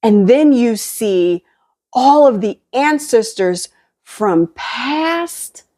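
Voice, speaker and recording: A woman's voice: fairly high pitch, dark tone. Woman host of a home cooking vlog, casual film recap, loose and rambly, backtracks a lot. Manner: rambling, filler-heavy, backtracks and self-corrects. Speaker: cooking vlogger.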